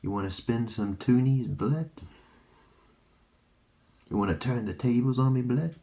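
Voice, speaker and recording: A man's voice: medium pitch, unhurried, creaky, warm tone, dull audio, pitched above the performer's own voice. A man putting on a taunting young man who talks in street slang.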